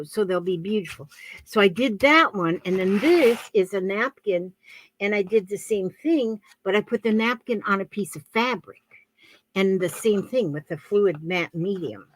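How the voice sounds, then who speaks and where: A woman's voice: mid-range voice, no echo, poor audio. A middle-aged woman from Florida chatting casually while crafting, often wandering off topic. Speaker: crafting vlogger. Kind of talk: casual rambling chat.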